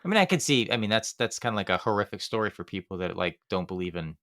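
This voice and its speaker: A man's voice: fairly low pitch, lively intonation, fast, fairly bright tone, no echo, studio quality. A man hosting a podcast, chatty and reactive, with lots of fillers, who wraps up the show. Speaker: podcast host. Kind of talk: casual chat and show outro.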